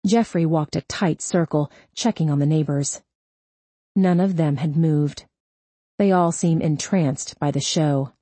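A woman narrating a crime novel audiobook in a slow, measured, steady delivery. Her voice sits on the low side, and the recording is close and dry, with no room sound. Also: husky, no room sound.

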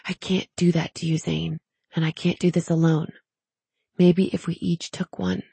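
A woman's voice: lowish voice, a little slow, husky, dry recording. A woman reading a whispering, determined teenage girl. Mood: pleading. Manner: soft, whispered pleading.

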